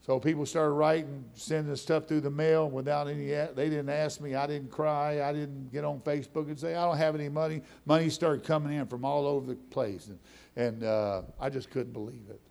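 Middle-aged male preacher, gravelly and fairly high voice, conversational testimony that builds into fervent preaching. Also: little pitch movement, moderate pace, a little mellow. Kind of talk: testimony sermon.

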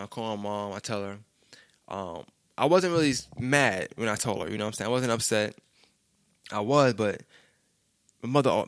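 A man's voice: on the low side, fairly bright tone, no room sound, clean studio sound. A young man, telling a personal story in a loose, rambling way and often saying "you know what I'm saying". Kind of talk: casual storytelling monologue.

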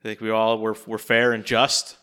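A man's voice: lowish voice, monotone, moderate pace, sharp tone, clear, resonant tone. A young adult man hosting a casual podcast chat, dry and laid-back as he runs the segments. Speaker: podcast host.

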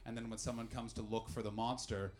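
A booming, self-important Scottish man speaks from deep in his chest, as a comedian puts him on. His slow, deadpan pronouncements sound like great revelations. His voice sits lower than the comedian's own. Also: close to an everyday voice. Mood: matter-of-fact.

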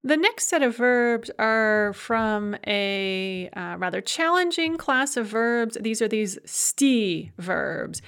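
A woman's voice: fairly high pitch, expressive, fairly bright tone. Methodical woman teaching a grammar lesson. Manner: clear, methodical explaining, slowing to spell out forms. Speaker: language teacher. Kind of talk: recorded grammar lecture.

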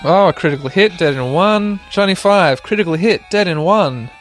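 A man's voice: high voice, expressive, moderate pace, fairly bright tone, soft background music. A man hosting a podcast while playing a video game, chatty and self-mocking, talking straight to his listeners and laughing often. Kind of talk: casual let's-play commentary.

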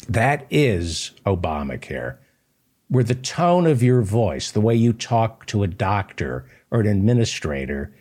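A man hosting a political commentary show, delivering an impassioned, sarcastic monologue in a husky voice. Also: on the low side, a little mellow.

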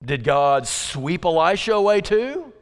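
A man in a church sanctuary preaches his evening sermon at an unhurried pace, his clear, resonant voice swinging widely in pitch. He talks casually, poses questions to listeners, and voices quoted speakers with sudden pitch jumps. The recording has long hall reverb.

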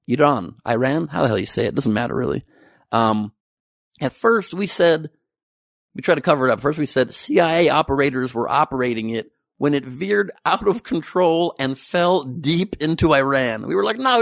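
Male comedian, sarcastic and profane, gravelly edge, dry close sound. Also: mid-range voice, no echo. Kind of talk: topical comedy monologue.

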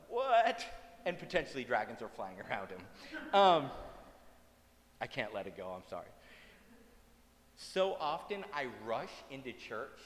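A man's voice: mid-range voice, fairly bright tone, a little hiss or hum. A male pastor preaching a sermon in a conversational, humorous way, recorded in a church hall. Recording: long hall reverb.

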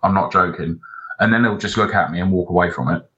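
A man's voice: sits low, fast talker, fairly bright tone, lo-fi sound. A man co-hosting a podcast, telling long rambling anecdotes and swearing a lot. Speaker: podcast co-host. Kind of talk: casual chat.

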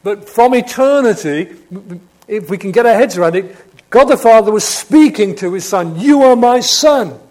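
Male preacher delivering a sermon; slightly raised pitch, alternates loud emphasis with quiet, intimate asides. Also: animated, moderate pace. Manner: swings from emphatic proclamation to hushed, quiet reflection; asks rhetorical questions of the congregation.

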